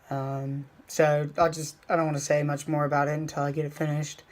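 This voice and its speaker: A young man talking casually in a vlog, rambling with fillers and slowing down to stress his points. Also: fairly high pitch, a little mellow. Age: young adult. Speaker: vlogger. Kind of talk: casual motivational vlog talk.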